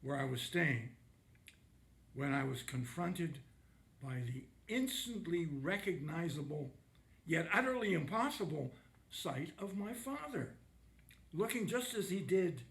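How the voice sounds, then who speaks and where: A man reading a chapter of his novel aloud in a lively, expressive first-person voice, with halting dramatic pauses. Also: fairly high pitch, creaky, roomy sound.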